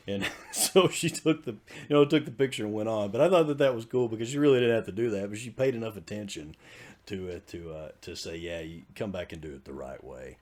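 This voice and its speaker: An older man co-hosting a podcast, telling a fan story in animated casual chat. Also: lowish voice, brisk. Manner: animated storyteller who gets louder as he tells it. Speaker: podcast co-host.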